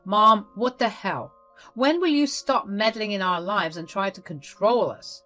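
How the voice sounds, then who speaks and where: A woman's voice: mid-range voice, measured pace, fairly bright tone, faint music behind, close to an everyday voice. A woman voicing an angry young husband scolding his mother. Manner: indignant, scolding.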